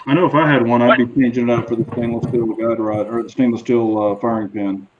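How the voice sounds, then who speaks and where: A man's voice: medium pitch, fairly even intonation, fast, background noise. Agreeable male guest, dull audio. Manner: agreeable, brief replies. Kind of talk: casual livestream chat.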